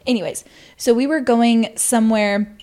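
A young adult woman co-hosts a podcast, telling stories in a casual, lively chat and swearing freely. Her voice sits on the high side, and she speaks at a moderate pace.

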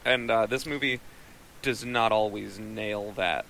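Gravelly bright-voiced man explaining calmly. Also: lowish voice, slight background noise, rough recording. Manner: explanatory, measured, dryly understated. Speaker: co-host reviewing a movie. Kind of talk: casual chat.

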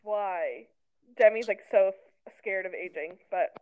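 A woman's voice: mid-range voice, a little slow, darkish tone, clean tone. A woman in her twenties, co-hosting a casual recap podcast in a chatty, sarcastic way, with lots of "like.". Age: 20s. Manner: chatty, sarcastic, heavy use of "like". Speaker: podcast co-host. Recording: tinny phone-like sound.

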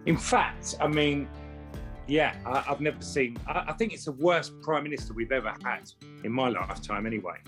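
A man's voice: mid-range voice, normal speed, fairly bright tone, faint music behind. Blunt, emphatic man on a podcast. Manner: emphatic and blunt, with repeated restarts. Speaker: podcast co-host. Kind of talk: casual chat.

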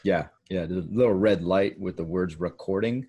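A man's voice: deep voice, normal speed, mellow, breathy edge. A man co-hosting a podcast, chatting casually and joking at his own expense. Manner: joking, laughs at himself. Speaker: podcast co-host. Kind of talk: casual chat.

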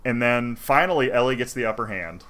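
A man in casual chat, retelling a game's story in an animated, profane way. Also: medium pitch, fairly quick. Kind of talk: casual chat retelling a video game plot.

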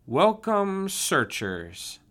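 A man voicing a folksy male ranger leader who shouts to a search party in an audiobook. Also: wildly swooping pitch, drawn-out words, heavily acted. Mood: rousing. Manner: booming, folksy.

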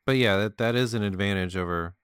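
A man's voice: fairly low pitch, a little fast, a bit bright, clear, resonant tone, dry recording, studio quality. A man co-hosting a podcast in casual chat, rambling with restarts and laughing at his own jokes. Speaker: podcast co-host.

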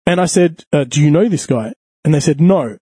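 A man telling a crude, animated story in casual chat, swearing freely. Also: on the high side, a little fast, breathy edge, no echo. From Australia.

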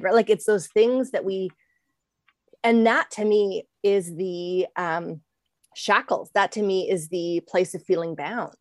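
A woman's voice: mid-range voice, slow pace, dry recording, studio quality. A woman podcast host responding to her guest in an affirming, chatty way, with frequent ums. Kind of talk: conversational podcast talk.

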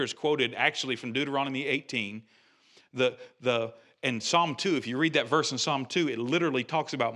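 Man, pastor, sermon, bright forceful voice, animated, conversational, restarts phrases. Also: mid-range voice, brisk. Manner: animated, conversational preaching with restarts and rising emphasis.

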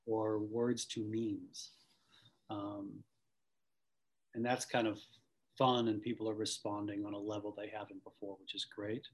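A man's voice: fairly low pitch, flat delivery, a little slow, pauses often, rough recording. A man from the Boston area, an acting coach, talking thoughtfully in an interview with many restarts. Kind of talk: conversational interview.

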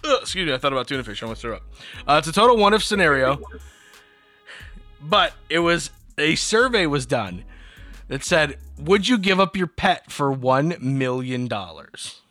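A young man co-hosting a podcast, telling stories in a lively casual way and acting out quotes. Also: on the high side, moderate pace, no room sound, faint music behind. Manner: animated storyteller, acts out childhood quotes. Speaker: podcast co-host. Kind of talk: casual chat.

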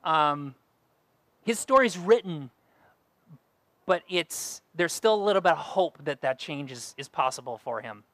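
A man's voice: fairly high pitch, animated, unhurried, long pauses, a bit bright, no room sound. A young adult man preaching a sermon as pastor, earnest and fond of repeating key phrases.

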